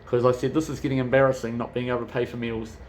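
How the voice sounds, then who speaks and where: A man's voice: medium pitch, level tone, very fast, a little mellow, slight background noise. A man chatting casually as a travel vlogger, rambling and swearing freely. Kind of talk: casual chat.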